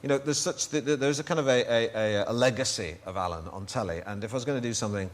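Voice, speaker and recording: A man with a Northern English accent talks as a guest in a TV studio. His answers come out halting and full of false starts. The chat stays casual. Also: mid-range voice. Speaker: comedian guest. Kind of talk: casual chat-show conversation.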